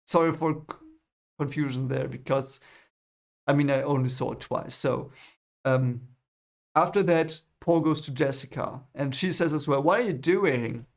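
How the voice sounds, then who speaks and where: A man's voice: medium pitch, fairly even intonation, moderate pace, vocal fry. A man recapping a film in casual vlog talk, rambling and often stopping to correct himself and apologize. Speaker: film reviewer vlogger.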